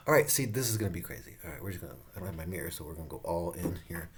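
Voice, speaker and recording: A man's voice: deep voice, huge pitch swings, fairly quick, noisy background. A man giving a casual skincare review at home, campy, profane and playful, laughing often. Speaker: beauty vlogger reviewing skincare.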